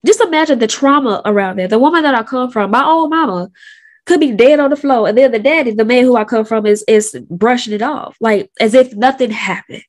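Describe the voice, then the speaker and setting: A woman's voice: on the high side, fairly quick. A woman in her thirties telling a personal story in a candid, conversational way with casual slang, while feeling sick. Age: 30s. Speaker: host.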